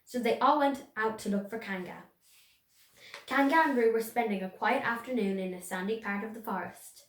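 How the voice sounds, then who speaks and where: A young girl reading a children's story aloud, voicing the animals and stumbling over a few words. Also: fairly high pitch. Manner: reads slowly, voices characters, small stumbles and restarts. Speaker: reader. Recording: echoey room.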